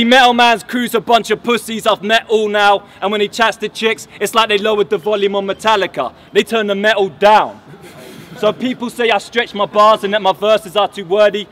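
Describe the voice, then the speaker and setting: High-voiced man rapping taunts. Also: fairly bright tone. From England. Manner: boastful, mocking punchlines. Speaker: battle rapper. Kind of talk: rap battle verses. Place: outdoors at a battle event under a bridge.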